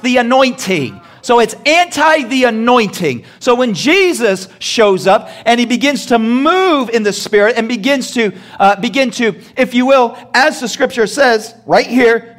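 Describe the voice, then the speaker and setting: High-voiced man preaching a sermon. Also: very animated, a little slow, few pauses, a bit bright. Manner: preaching with rhetorical questions to the congregation; acts out short dialogue scenes with humor. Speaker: pastor.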